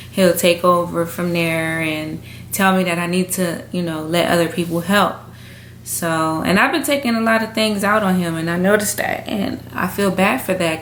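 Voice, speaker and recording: Young woman, somewhat low voice, halting frank vlog talk, echoey room, faint background hum. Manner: halting, frank, emotional talk with many fillers. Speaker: vlogger. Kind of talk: candid personal vlog. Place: indoors at home.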